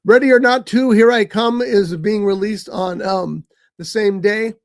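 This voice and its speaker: A man's voice: high voice, measured pace. A man co-hosting a casual movie chat on a live stream, chatty and given to exasperated teasing. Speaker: co-host. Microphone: streaming mic.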